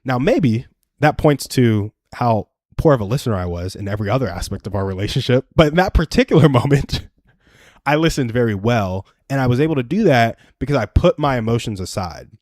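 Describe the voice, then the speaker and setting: A man's voice: medium pitch, expressive, a little fast, a little mellow, no echo. Earnest young man, dry close sound. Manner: earnest, storytelling, self-deprecating. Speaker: live stream host giving advice. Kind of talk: casual advice chat.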